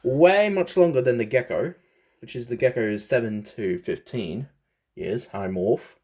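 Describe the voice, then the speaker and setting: A man's voice: medium pitch, unhurried, a little mellow. A young Australian man showing his pet snake in a casual vlog, chatty and rambling, talking to his pets. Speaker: pet vlogger.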